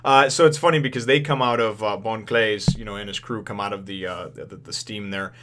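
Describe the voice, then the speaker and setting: A man's voice: on the low side, fairly even intonation, a little fast, background noise. A man giving a casual spoken review of a manga chapter. He rambles, chuckles often and leans on lots of fillers as he retells the plot.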